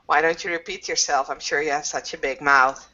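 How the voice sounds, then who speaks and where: A woman's voice: low voice, steady tone, a little fast, bright, forceful tone, voice pushed down. A woman playing a blunt werewolf warrior woman. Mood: menacing. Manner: flustered stammering when caught off guard. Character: blunt female werewolf warrior fond of whiskey. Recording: dull lo-fi voice chat.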